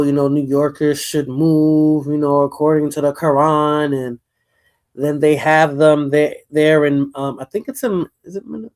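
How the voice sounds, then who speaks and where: A woman's voice: low voice, a little mellow. A woman with a New York accent hosting a casual live stream chat, rambling and repeating words as she talks. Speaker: livestream host.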